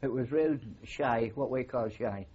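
Elderly Geordie man, husky mellow voice. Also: mid-range voice, unhurried, highs cut off. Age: older. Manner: rambling anecdotal storytelling with frequent fillers. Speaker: war veteran interviewee. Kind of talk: oral history interview.

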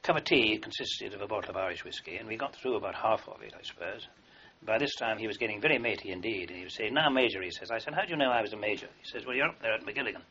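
A man's voice: on the low side, animated, rapid-fire, sharp tone, a little hiss or hum. An older man, an army veteran, telling long wartime anecdotes in a rambling way with fillers and restarts, in a dull lo-fi recording. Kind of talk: oral history recollection.

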